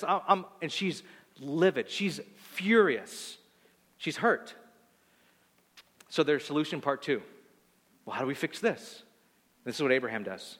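A man preaching a sermon in an animated, conversational way, often repeating words as he gets excited. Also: on the high side, a little slow, long pauses, big-room sound. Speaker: pastor.

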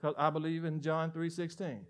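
A male pastor with a Southern American accent preaching a sermon, animated, swinging from loud emphatic lines to hushed asides. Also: on the high side, moderate pace.

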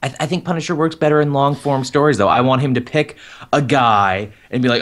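A man's voice: medium pitch, a little fast, a bit bright. A man chatting casually as a podcast co-host, joking and riffing on the topic. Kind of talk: casual chat.

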